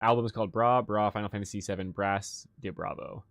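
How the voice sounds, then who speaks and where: A man's voice: on the low side, fairly quick, no echo. Chatty man talking about a tabletop campaign. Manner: relaxed and chatty, laughs at himself. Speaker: game master and channel host. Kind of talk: casual livestream talk.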